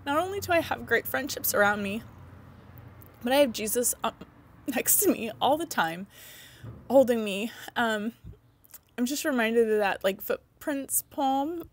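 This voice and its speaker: A woman's voice: a little high, animated, moderate pace. A woman in her thirties, a mother vlogging to camera, talking in a heartfelt way, close to tears and laughing through her nerves. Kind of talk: emotional casual vlog to camera.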